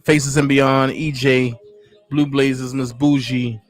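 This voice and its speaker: A man hosting a casual livestream chat, giving his opinion in a blunt, candid, unhurried way. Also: mid-range voice, flat delivery, soft background music. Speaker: livestream host.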